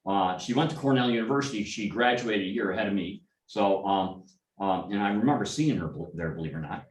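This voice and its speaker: A man's voice: lowish voice, fairly quick. Rambling storyteller man in an echoey room. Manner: rambling anecdotal storytelling with restarts and asides. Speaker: club member telling stories. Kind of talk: informal talk to a club meeting. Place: meeting room. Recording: echoey room, speaker far from mic.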